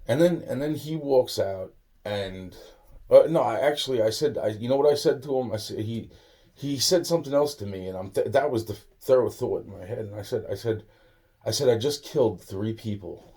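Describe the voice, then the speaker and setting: A man's voice: mid-range voice, normal speed, dark tone, husky. A man casually telling a rambling personal story, swearing often and restarting his sentences. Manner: rambling, profane, many restarts. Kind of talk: casual spoken anecdote.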